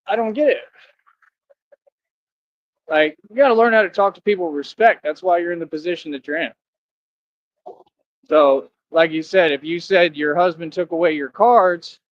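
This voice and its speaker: A man hosts his own livestream, trading jabs with his chat in a combative, mocking tone. His voice sits a little high for a man. The audio is dull and lo-fi, with a faint hiss underneath. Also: fairly bright tone. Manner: combative, mocking, talks back to viewer comments. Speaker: livestream host. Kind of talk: casual livestream talk to chat.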